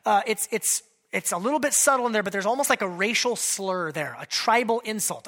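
A woman pastor giving an animated, conversational sermon at a church service held in a theater. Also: mid-range voice, fairly quick, few pauses. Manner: animated, acts out quoted voices, conversational.

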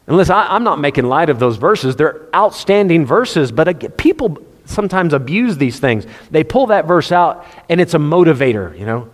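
A man's voice: a little high, sing-song, normal speed, few pauses. A man preaching a sermon, speaking conversationally and quoting scripture in King James wording. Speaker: pastor. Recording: long hall reverb.

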